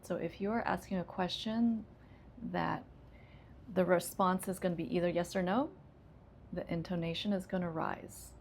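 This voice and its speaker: A woman ESL teacher, calmly explaining English intonation with frequent fillers. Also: on the low side, creaky, slight background noise. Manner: relaxed, explains slowly with many fillers.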